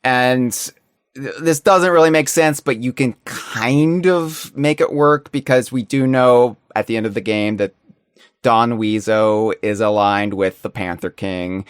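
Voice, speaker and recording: A man co-hosting a podcast in casual chat, talking in a rambling, animated way with many restarts. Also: medium pitch, a little slow, smooth, no echo, clean studio sound. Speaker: podcast co-host.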